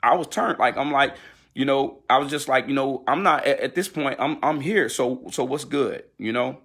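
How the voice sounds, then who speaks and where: A man, a gospel singer, giving a candid personal account on a livestream, telling it with animated energy but stumbling through fillers and restarts. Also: medium pitch, normal speed.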